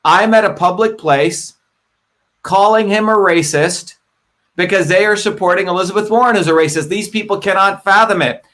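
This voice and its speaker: Middle-aged male streamer, slightly high pitch, loose talky commentary style. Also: moderate pace, a bit bright. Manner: talkative, repeats "okay?" to the audience. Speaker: livestream host. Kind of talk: casual livestream commentary.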